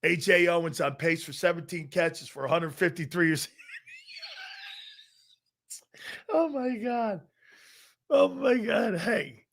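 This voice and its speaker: A man hosting a live football talk show, bantering loudly, laughing and swearing as he riffs. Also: sits high, a little slow, creaky, long pauses. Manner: animated, laughing, bantering, profane. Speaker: sports talk show host.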